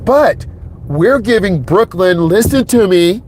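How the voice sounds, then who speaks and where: A man's voice: sits high, expressive, slow, darkish tone, a little hiss or hum. Emphatic man narrating while driving. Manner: emphatic, repeats himself, talks straight to viewers. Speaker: driving instructor. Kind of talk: narrating a driving lesson from behind the wheel. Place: inside a car on city streets.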